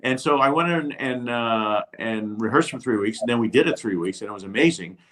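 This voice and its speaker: An older man, a TV host appearing as a guest, telling a lively anecdote and acting out the people he quotes. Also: medium pitch, fairly quick. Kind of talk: storytelling anecdote.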